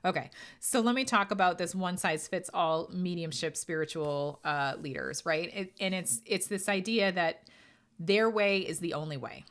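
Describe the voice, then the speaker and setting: A woman's voice: on the low side, moderate pace, fairly bright tone. A woman hosting a podcast as a medium, talking candidly and casually, telling stories with quoted asides. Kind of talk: casual solo podcast talk.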